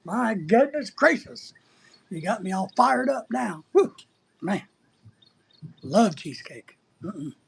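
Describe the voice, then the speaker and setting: A man's voice: high-pitched, very animated, slow pace, gravelly, pauses often, slight background noise. A middle-aged man hosting a casual livestream, reading out chat and rambling in a crude, joking way.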